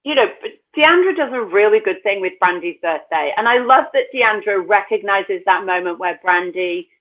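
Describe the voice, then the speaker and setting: A woman co-hosts a casual reality TV podcast, candid and sweary, airing strong opinions in an expressive mid-range voice at normal speed. The line sounds tinny and phone-like.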